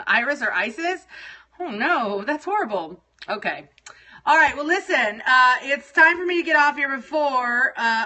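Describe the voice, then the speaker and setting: Bright-voiced profane woman livestreaming. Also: mid-range voice. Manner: exasperated, profane, scattered. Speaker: livestream host. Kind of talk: casual livestream chat with viewers.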